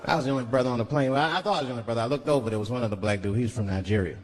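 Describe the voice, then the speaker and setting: A man's voice: medium pitch, very fast. A man performing a stand-up routine on a comedy stage, telling stories animatedly and jumping into character voices. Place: comedy stage before a live audience.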